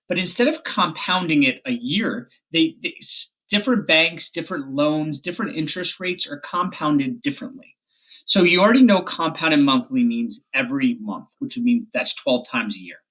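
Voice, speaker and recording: A man teaching a math lesson on a recorded video, explaining quickly and correcting himself as he goes. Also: on the high side, fairly bright tone, breathy edge.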